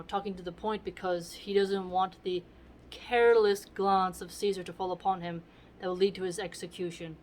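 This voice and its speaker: A woman's voice: medium pitch, a little hiss or hum. Chatty woman explaining a play. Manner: conversational, asks "right?" often. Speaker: literature teacher.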